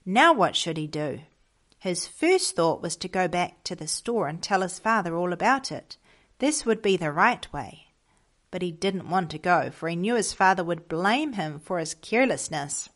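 A woman reading a moral children's story aloud in a gentle, measured way, giving small voices to the characters. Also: on the low side, expressive.

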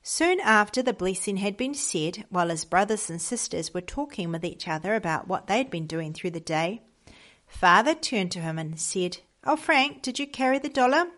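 A woman reading a moral children's story aloud in a gentle, measured way, giving small voices to the characters. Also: on the low side, expressive.

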